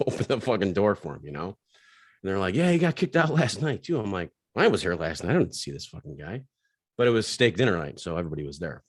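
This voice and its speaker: Podcast co-host, male, lower register, animated and foul-mouthed storyteller. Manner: profane, animated storyteller acting out bar characters. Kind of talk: casual storytelling chat.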